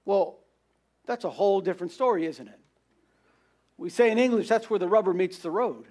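A man's voice: high voice, lively intonation, normal speed, darkish tone. A man preaching a sermon, earnest and repeating his points for emphasis.

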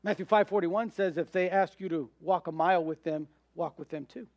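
A man's voice: high-pitched, brisk, a little mellow, no echo. A man preaching a sermon as pastor, emphatic, answering rhetorical questions and acting out voices of doubt.

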